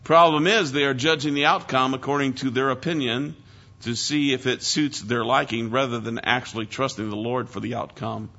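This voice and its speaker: A man's voice: mid-range voice, steady tone, normal speed, gravelly, sharp tone. A man teaching through a psalm in an earnest sermon, stressing key words with emphasis. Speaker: preacher. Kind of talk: expository Bible teaching. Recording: dull lo-fi recording.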